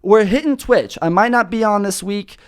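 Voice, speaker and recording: A man's voice: sits high, normal speed, clear, resonant tone. A young man from Florida hosting his own show, rambling through a profane, goofy comedic monologue full of bro slang. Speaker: podcast host.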